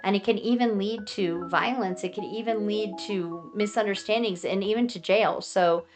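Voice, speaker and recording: A woman's voice: mid-range voice, normal speed, soft background music. An American woman giving casual, earnest advice in a chatty way, often acting out how other people answer her. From United States. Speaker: vlogger giving advice to foreigners.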